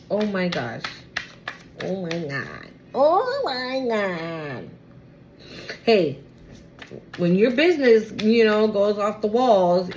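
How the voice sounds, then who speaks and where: A woman's voice: medium pitch, a little mellow, slight background noise. A young woman giving a casual tarot reading to her viewers, slangy and exclamatory, often close to tears. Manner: emotional, exclamatory, slangy, swings to near tears. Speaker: tarot reader.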